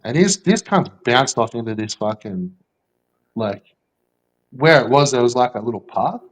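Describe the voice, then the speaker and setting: A man's voice: mid-range voice, moderate pace, creaky, poor audio. A man telling a rambling, swear-filled story in casual chat, with lots of fillers.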